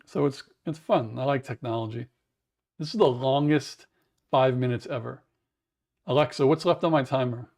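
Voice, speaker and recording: A man with a raspy voice, chatting in a rambling way to viewers on a livestream from home, humming to fill the wait. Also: mid-range voice, moderate pace, a little mellow. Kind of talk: casual livestream chat. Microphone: wearable mic.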